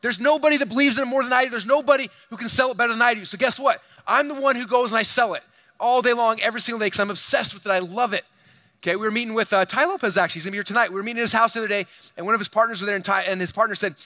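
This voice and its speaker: A man giving an energetic seminar talk to a large audience, animated and boastful as he speaks straight to the crowd. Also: sits high, racing, no echo. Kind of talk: energetic stage presentation.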